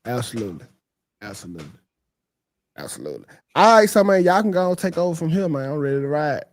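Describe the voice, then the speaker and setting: A man's voice: high-pitched, quick pace, no echo, clean studio sound. A man co-hosting a morning talk show, chatting in blunt, teasing banter. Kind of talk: casual chat.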